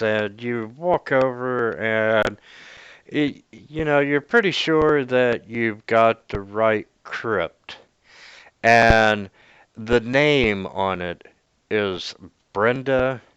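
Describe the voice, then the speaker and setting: A man's voice: mid-range voice, fairly bright tone, smooth, no room sound, dull audio. A man narrating as game master in a tabletop game over a voice call, stopping often with fillers and restarts. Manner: hesitant, many fillers and restarts, laughs often.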